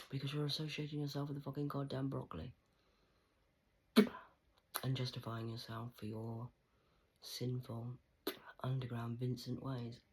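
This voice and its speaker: A woman in a rambling monologue to camera, swearing often and swinging between loud outbursts and hushed whispers. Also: rumbling low, fairly even intonation, measured pace, long pauses, low-quality recording.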